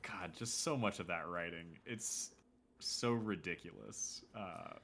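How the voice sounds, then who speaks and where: A man co-hosting a casual podcast, talking haltingly and searching for his words. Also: low voice, creaky, fairly bright tone, a little hiss or hum. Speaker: podcast co-host. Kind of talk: casual chat.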